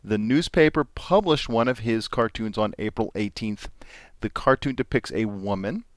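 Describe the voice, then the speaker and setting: A man's voice: fairly low pitch, normal speed, no echo. Male podcast host, casual news-reading delivery, dry studio sound. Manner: reads news items with dry jokes and laughs.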